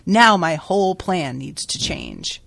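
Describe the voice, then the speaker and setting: Woman doing a flustered cursing schemer, low voice, dry sound, paraphrased casually. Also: huge pitch swings, takes it slowly, vocal fry, fairly bright tone, dry recording, full character voice. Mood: frustrated. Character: exasperated scheming male sword master.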